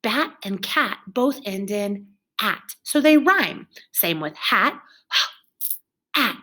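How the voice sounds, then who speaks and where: Lively, encouraging teacher woman. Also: medium pitch, slow pace. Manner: bright, encouraging, exaggerated teacher voice. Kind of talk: recorded lesson for young children.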